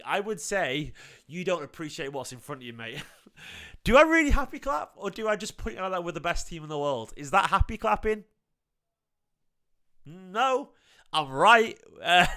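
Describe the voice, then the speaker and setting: A man in his late thirties hosts a reaction stream, chatting to his viewers in a bright, slightly high voice. He is casual and somewhat defensive, and he keeps calling people mate. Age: 30s. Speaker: fan channel host. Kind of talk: casual reaction talk to live chat.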